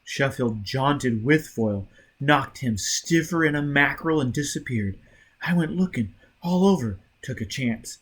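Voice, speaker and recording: A panicked young messenger, as a man puts him on in an audiobook, all shouting and gasping. He talks in clipped, breathless bits in a husky voice that jumps high and wide. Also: lively intonation, a little slow, full character voice. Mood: out of breath. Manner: frantic shouting, gasping short phrases.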